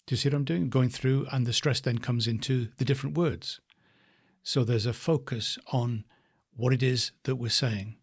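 A man with a husky, slightly breathy voice talks through a voice exercise. He speaks slowly and thoughtfully, stretching phrases and shifting the stress between words to show how the meaning changes. His pitch sits in an ordinary middle range. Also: steady tone. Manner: slow, thoughtful, varies stress for demonstration. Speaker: voice coach. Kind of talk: reflective spoken lesson.

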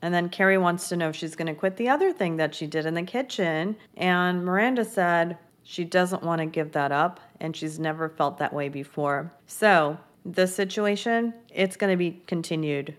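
A young woman with a notably low voice recaps a TV episode. She talks casually and chattily, full of "like" fillers and gossipy asides. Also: moderate pace, hardly any pauses. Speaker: TV recap host.

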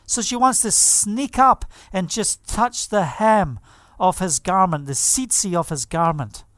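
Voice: medium pitch, fairly bright tone, dry recording, clean studio sound. A preacher giving a fervent testimony sermon, telling stories vividly. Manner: vivid storytelling, acts out quoted voices, fervent.

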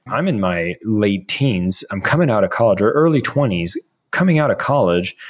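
A man in his thirties talks as a podcast guest in a fairly low voice. He tells stories casually and with energy. When he repeats what other people said, he acts out their lines. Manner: animated, acts out quoted dialogue. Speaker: podcast guest, sales author. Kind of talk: casual interview storytelling.

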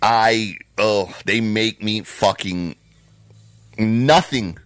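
Podcast co-host, man, low dry voice, heated profane rants. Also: very slow, no room sound. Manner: heated, profane, bursts into loud shouting. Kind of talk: profane ranting podcast chat.

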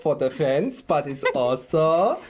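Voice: mid-range voice, big pitch swings, slow, noisy background. A tabletop game player talking in character with rambling enthusiasm.

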